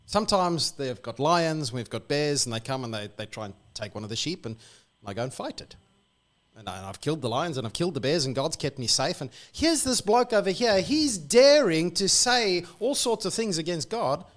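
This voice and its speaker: A man's voice: on the high side, very animated, normal speed, voice pushed up. An Australian man doing a bold young shepherd. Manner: eager, matter-of-fact, casual.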